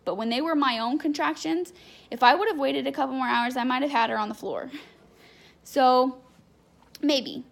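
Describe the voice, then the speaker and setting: A woman's voice: high voice, normal speed, creaky, pauses often. A young adult woman telling a candid personal story in a chatty, unfiltered way, full of fillers. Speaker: vlogger.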